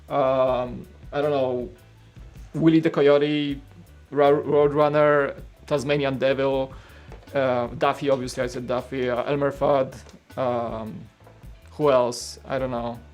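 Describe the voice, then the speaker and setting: A man's voice: medium pitch, a little mellow. A man hosting a casual live stream while building, rambling and thinking aloud to his chat into a studio mic at his home setup.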